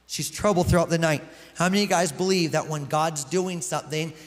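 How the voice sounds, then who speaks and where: A man preaching in a large hall, his voice a little higher than most men's. He talks earnestly and directly to the congregation, and a long reverb trails behind every phrase. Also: a little fast. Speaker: pastor. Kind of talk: sermon reading scripture.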